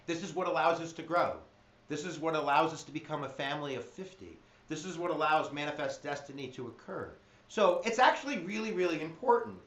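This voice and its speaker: A man teaching history in an energetic, jokey exam review lecture, slipping into silly voices. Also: on the high side, a little fast. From United States. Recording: echoey room, dull lo-fi sound.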